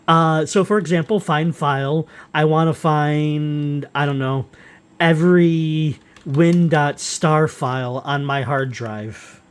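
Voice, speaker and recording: A man walking through software tools he wrote, unscripted and halting, with frequent fillers and restarts. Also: on the high side, clear, resonant tone. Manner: rambling, halting, with many uhs and restarts. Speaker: software developer presenting his utilities. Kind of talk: unscripted screen-recorded software walkthrough.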